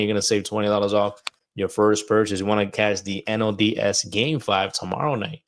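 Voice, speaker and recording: A man hosts a casual baseball podcast in a lowish voice, talking a little fast with fairly even intonation. Chatty and loose and a bit out of breath, he runs through ad reads like a wrestler's promo.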